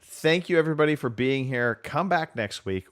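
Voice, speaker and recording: A man's voice: fairly high pitch, normal speed, smooth. A man co-hosting a gaming podcast in casual, teasing chat as he wraps up the show. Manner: joking, teasing, lively. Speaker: podcast co-host.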